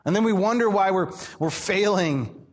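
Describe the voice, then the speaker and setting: A man in his thirties, a pastor, preaching a sermon in an animated, self-deprecating way, with humorous asides. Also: high-pitched, moderate pace.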